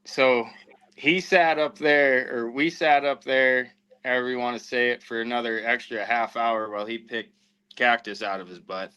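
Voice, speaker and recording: A man recounting a hunting trip in loose, casual conversation. His voice is bright and forceful, and he slips into voicing what others said mid-story. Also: medium pitch, normal speed, clean tone, lo-fi sound. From southwestern United States. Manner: animated anecdote-telling with acted-out quotes. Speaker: podcast host and houndsman.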